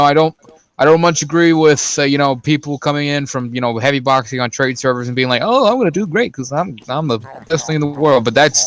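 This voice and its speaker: A man's voice: mid-range voice, fairly bright tone. A man casually commentating on a game match, with joking, rambling asides. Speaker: esports commentator.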